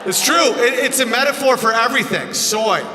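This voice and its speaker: A man with a high voice rants through a stand-up set, loud and profane, often shouting. His voice rings through an echoey hall with long reverb, and music plays behind him. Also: expressive, brisk, noisy background. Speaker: stand-up comedian. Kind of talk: stand-up comedy rant.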